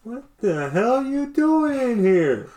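A man's voice: extremely high pitch, big pitch swings, takes it slowly, pitched above the performer's own voice, full character voice. A man voicing a grumpy, short-tempered male janitor who barks at intruders. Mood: irate. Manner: barking, shouting orders.

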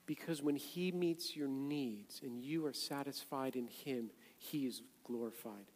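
A man preaching a sermon as a pastor, conversational and then loud and emphatic. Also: mid-range voice, a little slow. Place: church sanctuary. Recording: echoey hall, long reverb.

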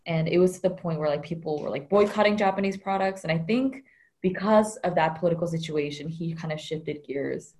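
A woman speaking as a guest in a relaxed interview, chatty and reflective. Her voice sits a little low, and she fills her pauses with lots of ums and likes. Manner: chatty, many fillers, reflective. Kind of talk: casual conversational interview.

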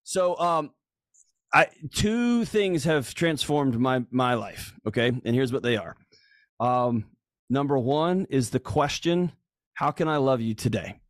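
Animated man telling stories. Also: mid-range voice, slow, no echo, studio quality. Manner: animated, acts out quoted voices, emphatic. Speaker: guest speaker on relationships. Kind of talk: casual storytelling chat.

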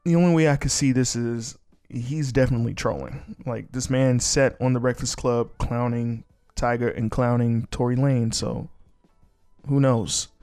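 A man's voice: medium pitch, steady tone, moderate pace, darkish tone, smooth, no room sound, studio quality, faint music behind. A man hosting a podcast on his own, ranting bluntly and casually with plenty of swearing. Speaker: podcast host. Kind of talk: casual solo commentary.

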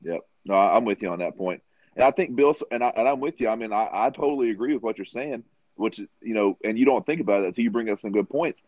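A man's voice: on the low side, quick pace, no echo, highs cut off. A man co-hosting a podcast in casual sports chat. He rambles and fills his talk with "like" and "you know". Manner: rambling, full of fillers. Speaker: podcast co-host.

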